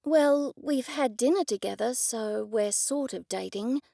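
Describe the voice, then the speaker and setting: A woman's voice: on the high side, unhurried, creaky, mellow, no echo, studio quality. A woman narrator voicing an indignant middle-aged woman amateur sleuth who answers in a defensive, snappish way.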